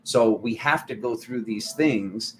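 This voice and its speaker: A man hosting a tarot channel, giving a casual spiritual talk in a rambling, animated way full of restarts and fillers. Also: on the low side, slow, a little hiss or hum.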